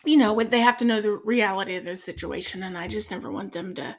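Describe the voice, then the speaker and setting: A woman in her forties, a podcast guest, telling a personal faith testimony in an earnest, soft-spoken way that sometimes drops almost to a whisper. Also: mid-range voice, fast. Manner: earnest, tearful at moments.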